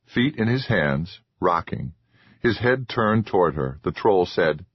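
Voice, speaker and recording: A man narrating a horror audiobook in a measured, expressive reading. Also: rumbling low, slightly rough, dry recording, lo-fi sound.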